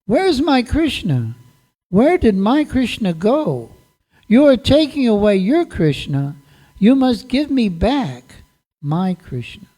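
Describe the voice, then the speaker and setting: A man's voice: sits high, sing-song, takes it slowly, warm tone, full character voice, low-quality recording. A man voicing a distraught mother who begs tearfully for her missing son, in a devotional story told at a sermon. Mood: pleading. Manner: pleading, tearful speech. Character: grieving mother pleading for her lost son.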